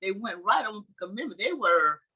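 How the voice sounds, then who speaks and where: Brief: woman Bible teacher, chatty, thinking aloud, lively pitch, slightly husky. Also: brisk, poor audio. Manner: conversational, thinks aloud with fillers. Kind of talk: reading scripture and commenting.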